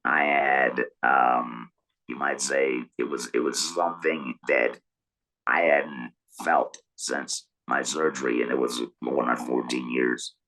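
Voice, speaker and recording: A middle-aged man talking through an electrolarynx, with a buzzing mechanical tone and halting speech full of repeated words. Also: rumbling low, fairly bright tone, low-quality recording. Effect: electrolarynx buzz. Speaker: guest telling his story. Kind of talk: casual interview storytelling.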